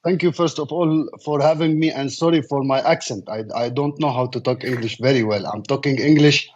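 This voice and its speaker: Lebanese man, halting English, lo-fi line. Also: medium pitch, fairly even intonation, a little mellow. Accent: Lebanese, from Baalbek. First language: Arabic. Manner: halting, searching for words, many fillers. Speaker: war correspondent. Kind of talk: remote interview. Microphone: remote call from Lebanon. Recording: lo-fi remote call line.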